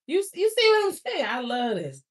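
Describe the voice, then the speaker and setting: A woman hosting a casual livestream, talking in an emotional, excitable way full of laughter and slang, close to tears. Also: high-pitched, fairly quick. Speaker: livestream host.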